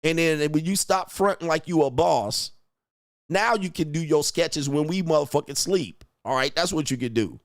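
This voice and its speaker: His voice leans high and moves at a moderate pace, captured in studio quality without echo. As a relationship coach hosting a livestream, he rants profanely and mockingly with heavy emphasis, laughing at his own jokes.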